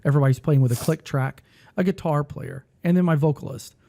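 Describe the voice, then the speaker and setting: A man hosting a casual talk who rambles and thinks aloud while he clicks through music software. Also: on the high side, fairly quick, gravelly. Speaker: music teacher and podcast host.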